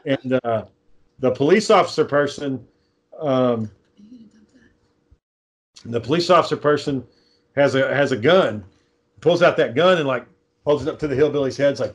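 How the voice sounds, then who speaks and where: A man in casual chat, rambling through a low-budget horror film plot, swearing freely and acting out the characters' lines. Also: moderate pace, long pauses. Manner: rambling, profane, acts out quoted lines. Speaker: amateur filmmaker pitching a script.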